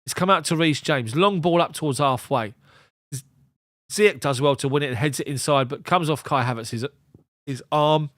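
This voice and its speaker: A man's voice: on the high side, moderate pace, a bit bright, no room sound, studio quality. A man doing live ball-by-ball match commentary as a fan streamer, giving clipped play calls broken up by chatty asides.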